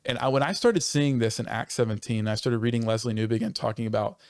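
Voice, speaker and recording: Earnest, passionate pastor talking. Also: male voice, mid-range voice, a little mellow, no echo. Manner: earnest and passionate, quickening when stirred, with self-interrupting restarts. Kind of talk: conversational church podcast discussion.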